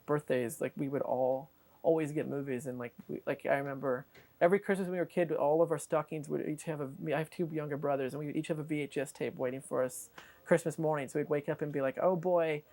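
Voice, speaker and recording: A woman's voice: deep voice, fast talker. A woman telling a long, rambling anecdote in an interview, full of "like" and acted-out quotes. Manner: rambling, lots of "like", animated quoting. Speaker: interviewee, tape collector. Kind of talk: excited anecdotal storytelling.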